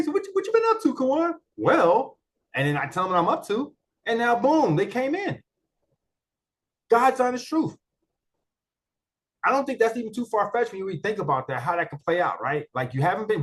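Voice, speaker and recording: A man presenting a marketing software walkthrough in a casual training talk, colloquial and repetitive, full of rhetorical questions. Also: high voice.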